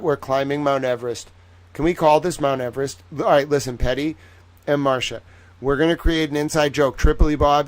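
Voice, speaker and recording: A tired young man hosting a late-night live stream, rambling playfully and chatting with viewers by name. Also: a little high.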